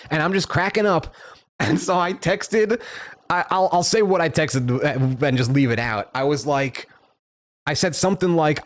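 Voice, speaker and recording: A man's voice: a little high, moderate pace. A young man streaming, telling a story casually to his chat, profane and laughing often.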